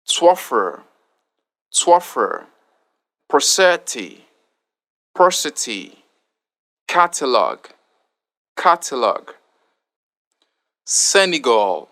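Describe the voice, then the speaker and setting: A male pronunciation tutor reads a spelling word list at a very slow, careful pace. His tone is bright and forceful, and he says every word twice so that learners can follow. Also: medium pitch.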